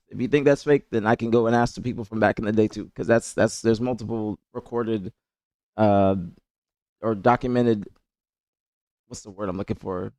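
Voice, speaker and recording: Gravelly guy going off on his stream chat, dry close mic, heated and repetitive. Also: medium pitch, darkish tone, no echo. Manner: heated, repetitive, confrontational, laughs incredulously. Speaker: streamer and esports analyst. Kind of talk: livestream rant to chat.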